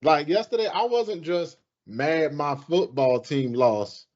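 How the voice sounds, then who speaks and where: A man co-hosting a casual sports podcast, animated and profane, often jumping into high mocking voices. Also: takes it slowly, highs cut off. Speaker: podcast co-host.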